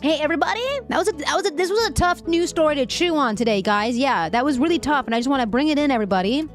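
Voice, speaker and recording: A woman's voice: high voice, lively intonation, fast talker, soft background music. A woman streamer reading news aloud, reacting emotionally and chatting with viewers in a casual live-stream. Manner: emotional, frequently laughing and venting; reads articles aloud with asides.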